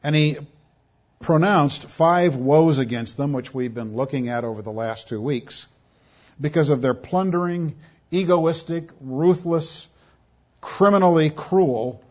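Pastor guy preaching, slow emphatic delivery w/ big pauses, kinda dull lo-fi sound. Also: a little high, animated, a little mellow. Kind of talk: sermon.

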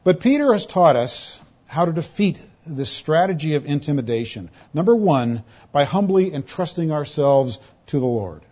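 A man preaching a sermon in a fairly high, mellow voice. He delivers it with strong emphasis, swinging from loud, pointed quotations to soft, hushed passages. The recording sounds dull and lo-fi. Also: sing-song, normal speed, breathy edge. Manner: emphatic, rising to loud pointed quotes then dropping to hushed lows. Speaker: pastor. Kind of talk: expository sermon.

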